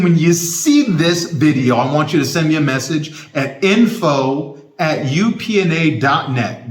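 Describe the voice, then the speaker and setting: A man's voice: fairly high pitch, reverberant. A man giving an impassioned motivational talk straight to his viewers, repeating his points with heavy emphasis. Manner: impassioned, repetitive and emphatic, emotional to the point of tearing up. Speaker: motivational speaker.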